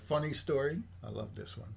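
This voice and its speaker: A man's voice: mid-range voice, measured pace, creaky. Older male guest, storyteller, mimics quoted voices, faint noise behind. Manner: animated anecdotes, acts out quoted voices. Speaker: guest, jazz bassist. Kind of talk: casual storytelling interview.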